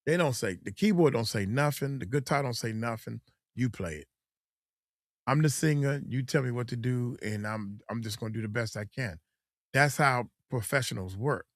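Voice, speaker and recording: A man's voice: medium pitch, normal speed, dry recording. Rambling middle-aged man, dry close sound. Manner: loose, rambling, acts out quotes in mocking voices. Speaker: host and coach. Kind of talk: casual livestream chat.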